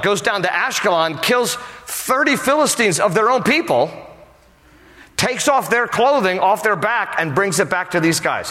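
A male pastor preaching a sermon, telling a story in a humorous, animated way. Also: high voice, normal speed. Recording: long reverb of a large hall.

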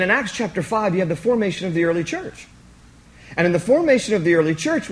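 A male pastor preaching with a high, lively voice that swoops up and down. He jokes with the congregation and drives points home by repeating them. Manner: animated, joking, emphatic repetition. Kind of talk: sermon.

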